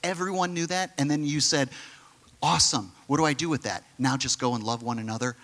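A man's voice: mid-range voice, fairly quick. Emphatic preaching man. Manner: emphatic preaching, drops to a soft near-whisper on key phrases; direct, conversational asides to the congregation. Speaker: pastor. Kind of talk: sermon.

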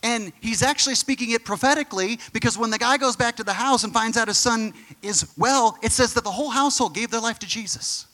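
A man's voice: very high voice, quick pace, hardly any pauses, bright, forceful tone. A middle-aged man preaching a sermon, explaining scripture in an emphatic, conversational way. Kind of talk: sermon teaching.

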